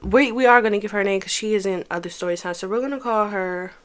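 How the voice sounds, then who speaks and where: Animated young woman telling a storytime. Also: mid-range voice, fast talker. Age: young adult. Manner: animated, profane, talks straight to viewers. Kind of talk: casual storytime vlog.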